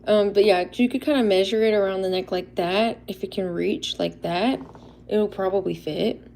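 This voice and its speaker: A young woman shows off handmade toy figures on her livestream, chatting casually and a bit shyly and laughing often. Her mid-range voice is creaky and a little mellow, at normal speed.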